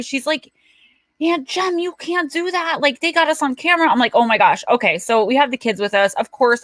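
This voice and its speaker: Middle-aged New woman, livestream host, bright tone, dry close sound, chatty and quick to laugh. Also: mid-range voice, dry recording. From Paterson, New Jersey. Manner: chatty, animated storyteller who laughs often. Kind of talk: casual livestream chat.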